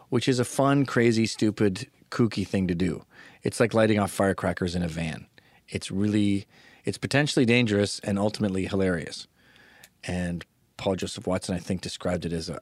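A male podcast host rambles through a casual monologue, sarcastic and crude. His voice sits fairly low, and the sound is dry and close, with no room echo. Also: creaky, a little mellow, husky.

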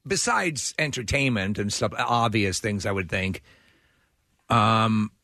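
A man's voice: fairly low pitch, slow, creaky, no room sound, clean studio sound. A man hosting a radio show, telling stories in casual banter and laughing often. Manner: animated storyteller who laughs often.

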